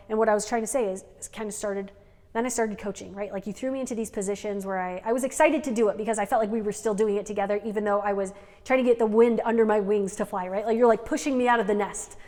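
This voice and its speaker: A woman's voice: medium pitch, darkish tone. A woman co-hosting an unscripted couple's podcast, talking in a rambling way with frequent "like" and "right?". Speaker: podcast co-host. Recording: long reverb.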